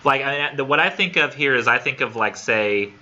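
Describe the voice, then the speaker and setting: A man teaching a college English class in a casual, animated lecture with many fillers. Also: medium pitch, brisk, dull audio, slight background noise.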